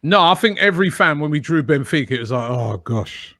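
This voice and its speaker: A man's voice: a little high, lively intonation, quick pace, bright, forceful tone, no room sound, studio quality. A man answering podcast interview questions as a guest, talking in a chatty, emphatic way with frequent "you know". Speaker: guest, fan channel presenter.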